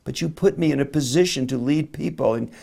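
A middle-aged man preaching a sermon, swinging from loud emphasis to very soft, slow words. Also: mid-range voice, creaky. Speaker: pastor.

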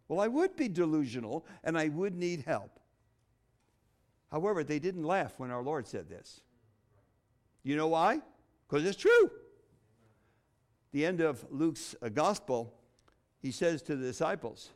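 A middle-aged man preaching a sermon, expressive, with dramatic pauses and touches of humor. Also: a little high. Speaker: pastor.

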